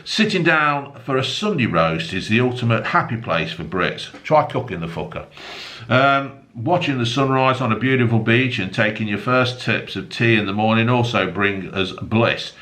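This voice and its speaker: A man's voice: mid-range voice, lively intonation, normal speed, sharp tone. Sweary man reading the papers. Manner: swears heavily, mocking asides. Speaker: newspaper review host. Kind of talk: casual solo newspaper review with rants.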